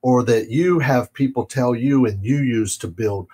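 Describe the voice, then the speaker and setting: Speaking at a measured pace in a husky, medium-pitched voice, a man hosts a real estate podcast talk show. He's relaxed and laughs easily, acting out phone calls as he shares selling tips in casual business chat.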